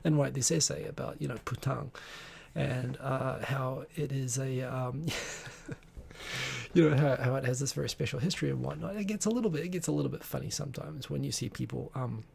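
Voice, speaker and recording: A man's voice: medium pitch, a little fast, vocal fry, darkish tone, husky. A man hosting a live stream, chatting casually in a rambling, digressive way with many restarts. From Tokyo-based.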